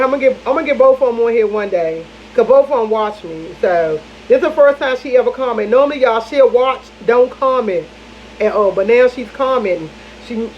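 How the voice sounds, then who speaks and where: A woman's voice: fairly high pitch, highs cut off, a little hiss or hum. A young woman vlogger, chatting casually to viewers in long repetitive run-on bursts.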